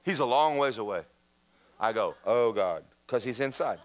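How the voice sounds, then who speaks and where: In a church, a man serving as pastor preaches at normal speed in a mid-range voice. He brings his stories to life by acting out each person's words.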